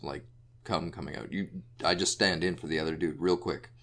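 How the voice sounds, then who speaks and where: A man's voice: deep voice, steady tone, a little fast, a bit bright. A man co-hosting a podcast, chatting casually with wry, pedantic humor and frequent laughs. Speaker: podcast co-host. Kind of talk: casual chat.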